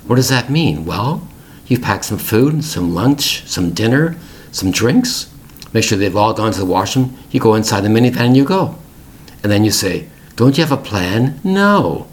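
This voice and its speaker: A middle-aged man with a lowish voice hosts a podcast for English learners. He tells a family story in plain, repeated phrases, and his pitch swings widely. A faint noise sits under his voice. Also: animated, moderate pace.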